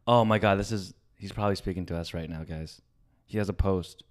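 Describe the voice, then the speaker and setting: A man co-hosting a casual comedy podcast, animated and mocking, laughing often. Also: sits low, fairly quick. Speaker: podcast co-host.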